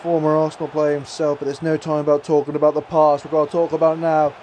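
A young man calls his football game match with a high, bright voice. He swings from hushed muttering to sudden excited shouts, with a little faint room noise behind him. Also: quick pace. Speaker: gaming YouTuber.

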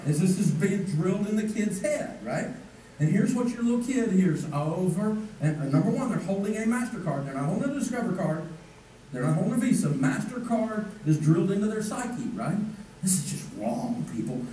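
A man's voice: high voice, normal speed, slight background noise. Joking man teaching a money seminar. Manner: energetic, joking, asks the crowd questions. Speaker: financial seminar instructor. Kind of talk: live seminar lecture. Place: bank seminar room. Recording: echoey hall from far off.

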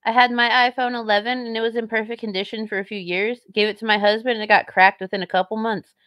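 A woman's voice: on the high side, little pitch movement, quick pace, smooth, no echo, muffled recording. A woman streamer giving casual commentary on clips and reading chat, sarcastic, blunt and mocking.

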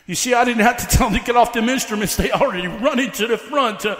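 A man with a very high voice preaches a fiery revival sermon. He peppers his lines with "uh" and hammers the same questions again and again. His voice rings out with the long echo of a large hall. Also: fast talker, a bit bright. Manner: fiery preaching with repeated "uh" fillers; builds by repeating questions. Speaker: evangelist. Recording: echoey hall.

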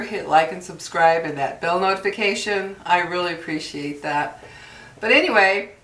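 A woman chatting casually to camera in a product review vlog, folksy and drawn-out on her emphasis. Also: fairly low pitch, fairly bright tone. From New Mexico. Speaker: beauty vlogger. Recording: echoey room, far from mic.

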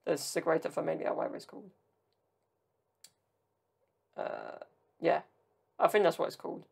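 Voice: medium pitch, normal speed, gravelly, breathy edge. A podcast host from Southern Italy chatting casually on their own, rambling and drifting into tangents with jokey asides. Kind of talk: casual solo podcast chat.

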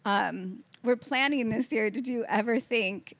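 Gravelly-voiced woman co-hosting a ministry chat. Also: on the high side, measured pace, no room sound. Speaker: co-host interviewer.

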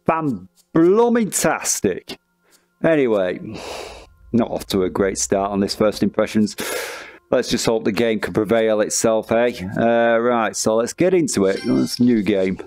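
A man's voice: lowish voice, normal speed, darkish tone. A man giving sarcastic first-impressions commentary while playing a VR game. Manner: sarcastic, dry. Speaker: gaming video host. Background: game music.

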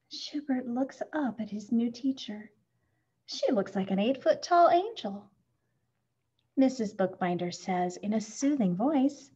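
A woman reading a children's picture book aloud, expressive and acting out the sound words. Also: a little high, measured pace, breathy edge. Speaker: storybook reader. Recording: muffled lo-fi recording.

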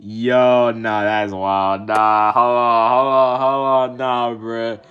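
A man's voice: mid-range voice, flat delivery, slow, clear, resonant tone, muffled recording. A man hosting a webtoon reaction video, reading panels aloud and reacting in a slangy, exclaiming way with frequent laughs.

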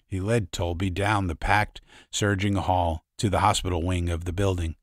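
A man narrating a story in a measured, dramatic way. His voice is low. The studio sound is dry and close. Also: level tone, no room sound. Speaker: audiobook narrator. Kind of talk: scripted narration. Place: recording studio.

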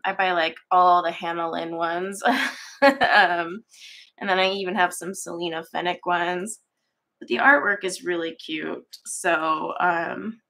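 A woman's voice: on the low side, pushed and bright. A woman hosting a casual coloring livestream from her home art studio, chatty and rambling with many ums, her voice stuffy and congested, on a webcam mic. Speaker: coloring channel host.

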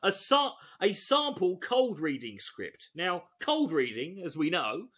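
A man with a high voice that swoops wildly up and down as he reads from a book and riffs on it. His delivery is profane and rambling, with frequent off-the-cuff asides. The overall effect is a loose comedy reading. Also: huge pitch swings, slow, fairly bright tone, breathy edge. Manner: profane, rambling, riffs between read passages. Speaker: host.

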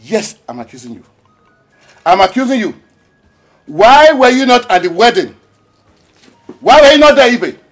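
A man's voice: high voice, very animated, normal speed, long pauses, breathy edge, faint music behind, exaggerated voice. A furious grieving Nigerian father. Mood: accusing. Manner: accusing, shouting and repeating himself.

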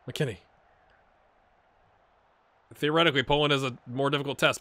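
A man casually commentating his own football video game, excitable and wry, jumping from loud cheering to quiet muttering. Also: mid-range voice, moderate pace, long pauses, no room sound. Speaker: gaming channel host.

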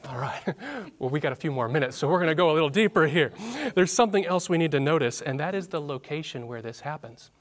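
High-voiced man teaching a Bible lesson. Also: animated, quick pace, few pauses. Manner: conversational, asks the audience questions, light humor. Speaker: Bible study panelist. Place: church.

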